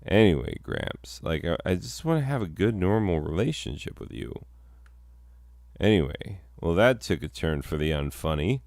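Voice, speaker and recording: A man's voice: sits low, very animated, moderate pace, a little mellow, no echo, clean studio sound. A man performing a solo comedy sketch, rambling and self-mocking, breaking into mock-outraged bursts.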